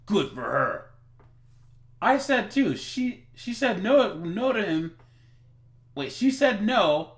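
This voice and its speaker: A man giving reaction commentary on a livestream, talking to his viewers in a chatty way. His voice sits fairly high and swings widely in pitch, and he speaks at an unhurried pace. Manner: animated, chatty, addresses viewers as guys. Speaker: streamer reacting to a video.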